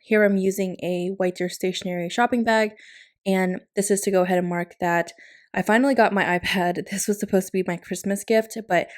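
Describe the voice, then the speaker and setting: A woman's voice: mid-range voice, steady tone, brisk. A woman narrating a planner-decorating vlog in a chatty, casual voiceover, often laughing lightly. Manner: chatty, warm-hearted, with frequent laughs. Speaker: planner vlogger. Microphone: recorded voiceover.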